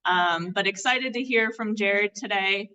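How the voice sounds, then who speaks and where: Event host, female, bright tone, heard from across the room. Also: mid-range voice, measured pace, smooth, far from the mic, low-quality recording. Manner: friendly, filler-heavy. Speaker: event organizer introducing the speaker. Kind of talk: event introduction. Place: meeting hall.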